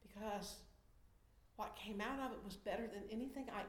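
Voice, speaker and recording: A middle-aged woman giving a sermon in a conversational way, swinging from loud emphasis down to soft, hushed tones. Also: medium pitch, normal speed, echoey room. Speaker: lay preacher.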